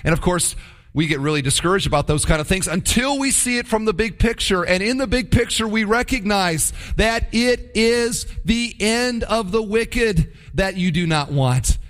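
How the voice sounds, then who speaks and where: A male pastor delivering a sermon with emphatic, animated storytelling. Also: high voice, normal speed.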